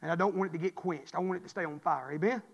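Male preacher, high tenor, rises to shouts, calls for amens, long church reverb. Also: racing, gravelly, dull audio. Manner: builds from quiet to shouting, call-and-response. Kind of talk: revival sermon.

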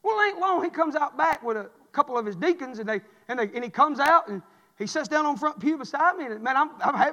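High-voiced preacher in a reverberant church. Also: male voice, animated, quick pace, lo-fi sound. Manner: builds from quiet to shouting, call-and-response. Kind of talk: revival sermon.

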